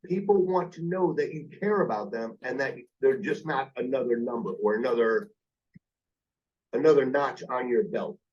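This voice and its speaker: A man's voice: medium pitch, moderate pace, a little mellow, lo-fi sound. A man training call-center staff on phone sales, speaking emphatically and repeating his key points. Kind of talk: coaching a call-center team.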